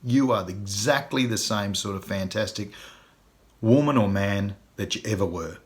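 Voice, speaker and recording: A man's voice: fairly low pitch, moderate pace. A middle-aged man, giving folksy, earnest advice in a casual video monologue, with frequent ums and uhs.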